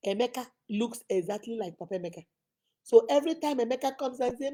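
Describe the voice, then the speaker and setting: Nigerian woman, high voice, husky, preachy advice talk. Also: animated, fast talker, dark tone. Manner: emphatic, preachy, mimics people with voices. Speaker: relationship advice vlogger.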